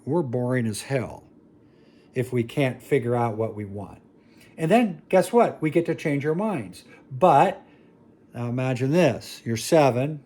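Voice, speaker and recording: Male speaker, mid-pitched voice, self-mocking storyteller who breaks into high exclamations. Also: warm tone. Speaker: speaker on family dynamics. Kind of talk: talk to an audience.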